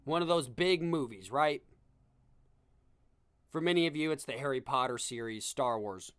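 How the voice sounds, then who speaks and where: A young man hosts his podcast in a comedic monologue, sarcastic and full of self-mocking asides. His voice sits in a middle pitch. The sound is dry and close, with no room echo. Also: moderate pace, fairly bright tone, clean tone. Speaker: podcast host.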